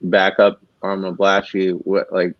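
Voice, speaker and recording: A man in relaxed casual chat, reacting and asking questions. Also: low-pitched, moderate pace, no room sound. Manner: laid-back reactions and questions. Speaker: podcast co-host. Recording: dry, dull lo-fi sound.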